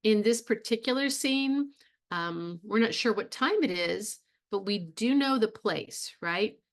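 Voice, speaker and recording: Brief: middle-aged woman teaching a college theatre class, chatty lecture tone, asks the class questions. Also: mid-range voice. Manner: conversational, with fillers and rhetorical questions. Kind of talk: recorded video lecture.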